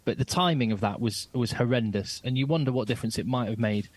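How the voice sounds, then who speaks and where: Guy cohosting a podcast, chatty and animated, keeps restarting, dry sound. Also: mid-range voice, fast, no echo. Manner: animated, talks over his co-host, many restarts. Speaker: podcast co-host, radio presenter. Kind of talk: casual chat.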